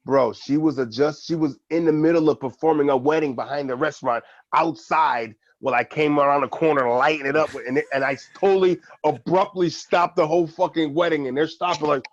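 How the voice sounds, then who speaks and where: A man's voice: on the high side, fairly even intonation, fairly quick, hardly any pauses, no room sound, dull audio. A man co-hosting a casual podcast, telling a long funny story, swearing often and laughing. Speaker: podcast co-host.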